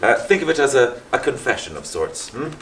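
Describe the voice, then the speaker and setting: An actor with a Liverpool accent playing a pompous, meddling middle-aged Catholic priest who hesitates and repeats himself. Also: male voice, medium pitch, sing-song, brisk, a bit bright. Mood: smug, probing. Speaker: parish priest. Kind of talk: stage play acting. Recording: echoey stage with faint noise.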